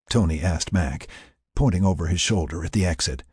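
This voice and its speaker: A man narrating an audiobook in an expressive storytelling way. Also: low-pitched, a little fast, breathy edge, dry recording, studio quality.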